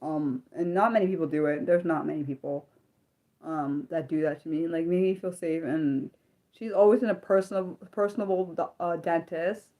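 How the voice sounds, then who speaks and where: A woman's voice: lowish voice, fairly even intonation, moderate pace, mellow. Earnest, rambling young woman livestreamer. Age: young adult. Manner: rambling and earnest, with frequent stammered restarts; reacts to viewer comments as she reads them. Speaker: livestream host. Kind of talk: unscripted livestream chat.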